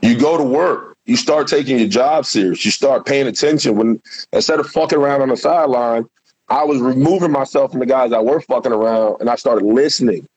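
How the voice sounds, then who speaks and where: A man's voice: mid-range voice, a little fast, a little mellow, breathy edge, no room sound, low-quality recording. A man who is a former pro football player, telling candid, profane stories in a casual interview. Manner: candid, profane, loose storytelling.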